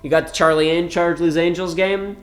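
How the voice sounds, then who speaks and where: A man's voice: on the high side, steady tone, fairly quick, roomy sound. A man casually commenting on a video game he plays, rambling and joking, often restarting his sentences. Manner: rambling, jokey, trails off and restarts. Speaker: let's play commentator.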